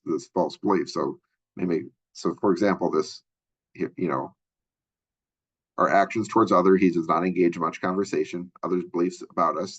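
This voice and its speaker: A man's voice: low voice, husky, highs cut off. A male college instructor giving a conversational recorded lecture, full of fillers and asides.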